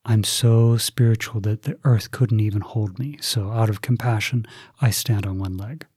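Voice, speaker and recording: A man's voice: on the low side, steady tone, normal speed, dark tone, breathy edge, no echo, studio quality. A man voicing a boastful fake holy man. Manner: boastful, then curt and dismissive. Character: boastful fraudulent male ascetic, later grumpy. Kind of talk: storytelling quotes in a Buddhist sermon.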